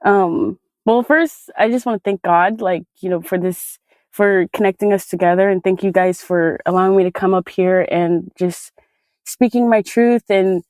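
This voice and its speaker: A woman in her twenties from California, a guest speaker giving an emotional personal testimony, halting and tearful, with many fillers. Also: mid-range voice, fairly even intonation, a little mellow, dry recording. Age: 20s. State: crying.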